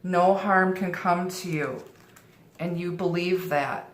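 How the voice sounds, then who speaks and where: A woman's voice: fairly low pitch, takes it slowly. A middle-aged woman giving a tarot reading in a reassuring way, often repeating and restarting her phrases. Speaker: tarot reader. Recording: roomy echo.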